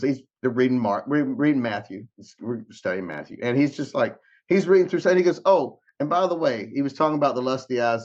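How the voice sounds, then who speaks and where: Heard with the highs cut off, this man has a mid-range voice. As a guest on a podcast, he tells an emotional story in an animated way, acting out what people said and repeatedly restarting words.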